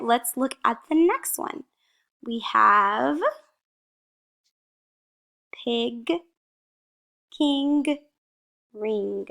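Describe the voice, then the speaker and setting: A woman teacher walks young children through a phonics lesson at a slow, patient pace. Her voice sits a little high, with a gravelly edge. She says each practice word clearly, asks a question, then gives the answer herself. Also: fairly bright tone.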